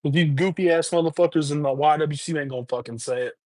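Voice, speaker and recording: A man's voice: a little high, fast talker, a little mellow, no room sound. Furious, swearing man ranting on stream. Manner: heated, profane, repetitive ranting. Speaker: livestream host. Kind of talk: angry rant on a livestream. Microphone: webcam or streaming mic.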